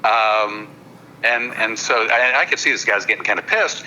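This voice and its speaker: A man, a hypnotist comedian guest on a podcast, telling a long anecdote in a casual, halting way, often repeating words and checking in with "you know.". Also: fairly low pitch, bright, forceful tone, slight background noise, poor audio. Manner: halting, repeats words while building a story; apologetic, checks in with listeners.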